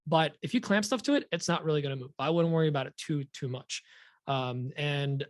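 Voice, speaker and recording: A man co-hosting a podcast in casual chat, rambling and relaxed, with lots of fillers. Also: fairly high pitch, a little fast, no echo, studio quality. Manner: relaxed, rambling, laughs easily. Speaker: podcast co-host.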